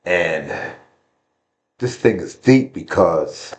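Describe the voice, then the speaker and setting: A man's voice: low voice, lively intonation, drawn-out words. A man speaking frankly and earnestly to his viewers in a casual vlog, repeating himself for emphasis and using slang. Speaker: vlogger. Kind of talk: heartfelt casual talk to viewers.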